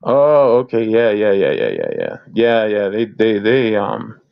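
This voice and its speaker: A man's voice: fairly low pitch, big pitch swings, unhurried, gravelly, muffled recording. A man co-hosting a casual video reaction chat, rambling and repeating words as he talks, often laughing.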